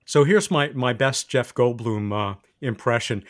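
A man hosting a science radio interview, chatty and lively, with jokey asides. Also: medium pitch, measured pace. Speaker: podcast host.

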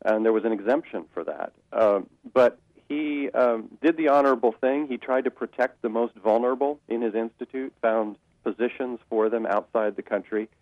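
A man's voice: mid-range voice, no room sound. Man speaking on a muffled radio interview. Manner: measured, with frequent restarts and fillers. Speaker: author and guest.

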